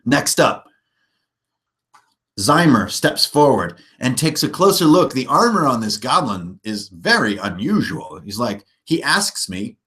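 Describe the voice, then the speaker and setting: Blunt, energetic man teaching game mastering. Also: medium pitch, a little slow. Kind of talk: livestream tabletop game lesson.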